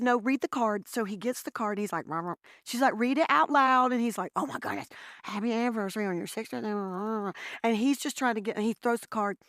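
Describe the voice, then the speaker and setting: A woman's voice: a little high, no echo. Woman, church testimony speaker, heartfelt storyteller, dry close sound. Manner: heartfelt, storytelling, addresses listeners as "y'all". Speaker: guest speaker. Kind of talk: personal testimony talk. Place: church breakfast gathering.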